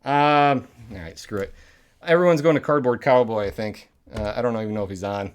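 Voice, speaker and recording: A man hosting a live comedy stream, talking casually and in a rambling way. He drifts into muttered asides while he chats with his viewers. His voice sits at an ordinary middle pitch. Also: brisk, clean tone.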